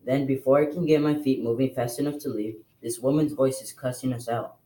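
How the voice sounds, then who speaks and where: A man with a mid-pitched voice reads a novel aloud to a class in a steady, plain style with no flourishes. He reads fairly quickly, and the audio quality is poor.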